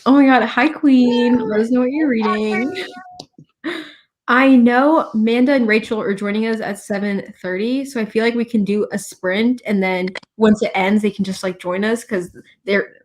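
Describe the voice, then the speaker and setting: A woman's voice: fairly high pitch, fairly even intonation, moderate pace, a little hiss or hum. A woman hosting a casual live stream over a video call, chatty, greeting viewers and laughing often. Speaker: livestream host.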